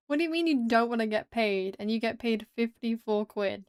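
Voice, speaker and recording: A young woman with a British English accent, chatting and reacting to her live chat while she draws. Her voice sits a little high, and the sound is dry and close. She laughs easily and is quick to exclaim in disbelief. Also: steady tone, smooth, no echo. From Britain. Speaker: streamer.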